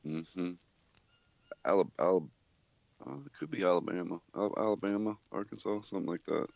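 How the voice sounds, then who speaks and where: A man's voice: low-pitched, normal speed, gravelly, a little mellow, no echo, highs cut off. A man chatting casually over voice chat while gaming, easygoing and laughing often. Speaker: co-player on stream.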